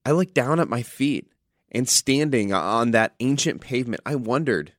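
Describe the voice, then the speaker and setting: A man's voice: medium pitch, lively intonation, normal speed, no room sound. Earnest male pastor preaching in a dry room. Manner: earnest storytelling with dramatic reading. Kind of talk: sermon.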